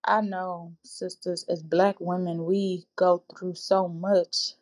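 A woman's voice: lowish voice, little pitch movement, slow pace, darkish tone. A woman hosting a faith-based podcast for women, speaking earnestly and informally to listeners she calls sis and baby, in a preacherly, exhorting way. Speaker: podcast host.

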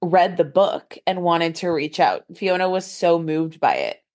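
A woman's voice: on the low side, lively intonation, unhurried, darkish tone. A woman co-hosting a casual podcast chat, emphatic and slangy, full of "like". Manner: emphatic, slangy, lots of fillers. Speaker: podcast co-host.

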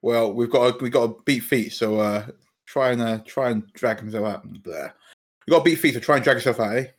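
Male player; brash, jokey, mid-pitched, talks in character. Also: fairly quick. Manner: brash, joking, laughs often. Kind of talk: in-character play at a tabletop game.

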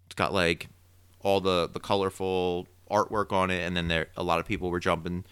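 A man co-hosting a podcast, casually recapping a TV episode with opinionated, animated theorizing. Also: deep voice, normal speed, smooth, dry recording. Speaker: podcast co-host.

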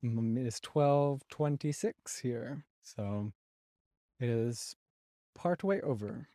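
A podcast guest talking over a remote call in a measured, deliberate, slightly formal way. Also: mid-range voice, animated, dark tone, no echo, clean studio sound. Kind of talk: casual chat wrapping up a remote conversation.

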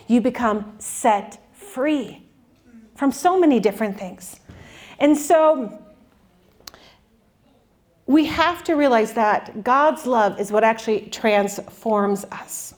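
A Christian speaker in her forties gives an earnest, candid talk about faith, adding touches of self-deprecating humor. Her voice sits high and has a darkish tone.

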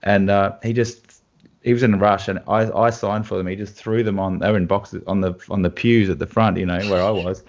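Australian guitarist, man, low gritty voice, anecdotal, lo-fi audio. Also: brisk. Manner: animated anecdotes with laughs. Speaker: guest guitarist. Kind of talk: casual storytelling chat. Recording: dull lo-fi sound.

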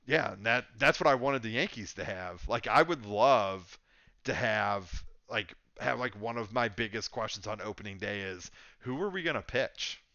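A man's voice: lowish voice, moderate pace, bright, forceful tone, no room sound, muffled recording. A man co-hosting a podcast, chatting casually and thinking aloud with lots of fillers. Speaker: podcast co-host. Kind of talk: casual sports chat.

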